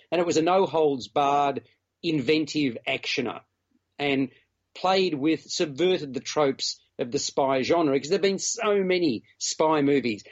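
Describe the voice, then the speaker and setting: A man's voice: a little high, dull audio. A man co-hosting a casual podcast chat about a film, chatty and teasing, talking in long run-on stretches. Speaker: film reviewer co-host.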